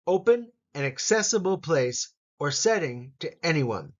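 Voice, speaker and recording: A man teaching an English vocabulary lesson, saying each word slowly and repeating it for learners. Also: a little high, animated, muffled recording. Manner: slow, careful pronunciation drills with repetition.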